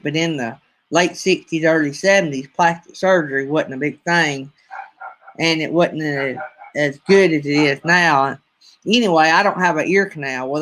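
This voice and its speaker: High-voiced Alabama man chatting folksily. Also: a bit bright. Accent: Southern US, Alabama. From North Alabama. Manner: rambling, folksy, addresses viewers as y'all. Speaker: livestream host. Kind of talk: casual live-stream chat with viewers.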